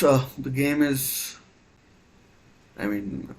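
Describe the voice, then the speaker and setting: A man's voice: fairly low pitch, steady tone, takes it slowly, low-quality recording. A man hosting a live football watchalong, giving hesitant play-by-play with many fillers and restarts. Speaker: watchalong host. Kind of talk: live match commentary watchalong.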